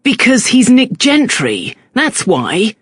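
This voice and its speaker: A narrator doing a gruff, exasperated police chief. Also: medium pitch, wildly swooping pitch, slow, no room sound, pitched above the performer's own voice, full character voice.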